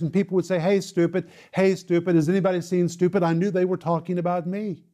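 Mellow-voiced man preaching a personal testimony. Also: high voice. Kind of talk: sermon testimony storytelling.

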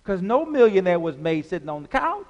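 High-voiced preaching man, echoing hall. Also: very animated, dull audio. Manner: preaching with call-and-response, drawn-out emphasis. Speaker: pastor. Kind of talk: sermon. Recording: long hall reverb.

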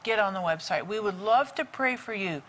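Woman co-host, encouraging, bright tone, faint background noise. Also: mid-range voice, lively intonation, normal speed, rough recording. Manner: upbeat, encouraging, invites viewers to call. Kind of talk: talk show hosting.

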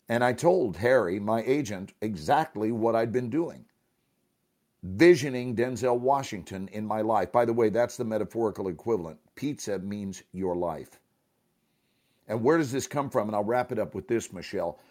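A man's voice: fairly low pitch, moderate pace, a little mellow. A man, an actor and teacher, telling a motivational story as a guest. He speaks emphatically and acts out the dialogue.

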